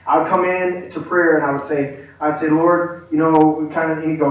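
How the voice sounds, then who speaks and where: A man teaching a church leadership class, an animated storyteller who acts out quoted dialogue and restarts his sentences often. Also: on the high side, fast. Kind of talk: conversational sermon-style teaching. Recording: echoey hall, distant mic, dull lo-fi.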